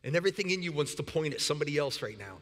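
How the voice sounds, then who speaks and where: A man preaching a sermon as pastor, animated, often repeating words and breaking into shouts for emphasis. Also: on the high side, rapid-fire. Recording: long reverb in a hall.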